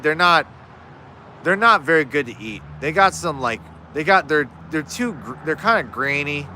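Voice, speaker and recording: Bright-voiced man chatting on a livestream. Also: a little high, a little hiss or hum. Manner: rambling, frequent restarts, answers chat. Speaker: fishing livestream host. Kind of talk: casual live Q&A chat. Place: outdoors in his yard.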